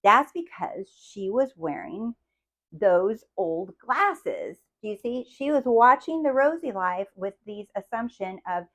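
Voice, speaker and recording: A woman's voice: very animated, slow pace. A woman coach giving a motivational talk to her viewers. She keeps checking in with "do you see?" and acts out the stories she tells. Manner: acts out quotes with big swings in pitch and loudness. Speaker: manifestation coach.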